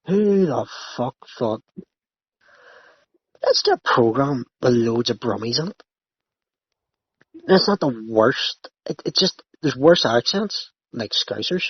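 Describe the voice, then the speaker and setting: Man, husky voice, sweary ranting banter, dull lo-fi sound. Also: mid-range voice, sing-song, slow, pauses often, no room sound. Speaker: podcast host. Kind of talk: casual chat. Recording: dry, slightly muffled lo-fi.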